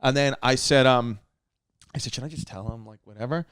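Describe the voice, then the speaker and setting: A man's voice: mid-range voice, fairly quick, clear, resonant tone, dry recording, studio quality. A man from New York City co-hosting a podcast, telling a long story in casual chat and acting out the other people's lines. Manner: animated storyteller, quotes others in lively voices. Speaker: podcast co-host.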